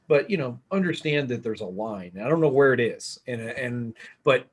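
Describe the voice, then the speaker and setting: A man with a husky, slightly rough voice leads a casual panel chat over a video call. He gives advice in an emphatic, animated way, gesturing as he talks. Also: medium pitch, normal speed, hardly any pauses. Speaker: panel moderator.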